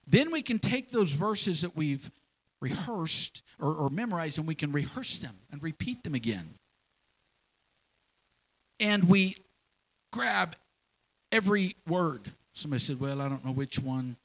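A man preaching a sermon in a church, folksy and animated, with homespun examples and repeated phrases. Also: on the high side, poor audio. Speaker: pastor.

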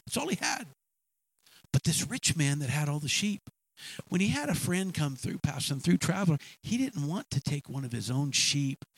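A man's voice: a little high, vocal fry, slightly rough, dry recording. A man preaching a sermon with dramatic storytelling and emphatic repetition.

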